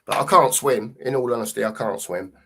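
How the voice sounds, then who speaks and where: A man's voice: medium pitch, brisk, a bit bright, husky. A man co-hosting a casual fan chat show, matey and rambling, full of fillers. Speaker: podcast co-host.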